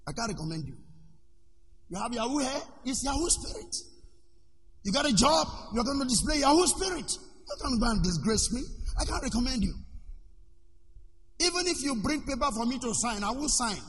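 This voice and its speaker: Man, pastor's sermon, sharp bright tone, long hall echo, faint background noise. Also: very high-pitched, very animated, normal speed, pauses often. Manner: preaching with shouts and call-and-response.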